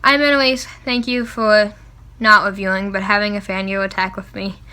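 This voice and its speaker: A young woman reviewing a book she loves in a casual vlog, excitable and gushing, often gasping, laughing and saying "like". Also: mid-range voice, normal speed. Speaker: book vlogger.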